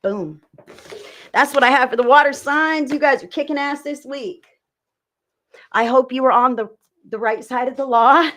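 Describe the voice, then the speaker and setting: A woman's voice: high-pitched, moderate pace, long pauses, a bit bright. Chatty woman giving a live tarot reading. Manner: chatty, swearing, talks to viewers by name. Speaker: tarot reader hosting a live stream. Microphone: desk mic, turns away from it at times.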